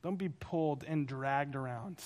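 A male pastor preaching a sermon, telling stories in an animated, conversational way. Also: a little high, a little slow.

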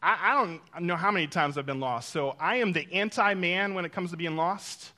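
A man preaching with a high, bright voice. He tells stories and talks straight to the congregation with asides. At times he drops to a near hush, and at times he pushes hard for emphasis. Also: moderate pace. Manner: storytelling, swings between loud emphasis and hushed intimacy; speaks to the congregation directly, with asides. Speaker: pastor. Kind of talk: sermon.

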